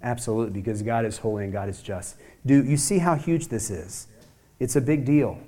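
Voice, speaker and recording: A man's voice: brisk, mellow. A man preaching a sermon as a pastor, emphatic, with many rhetorical questions and acted-out quoted voices. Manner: acts out quoted voices, rising and dropping in pitch.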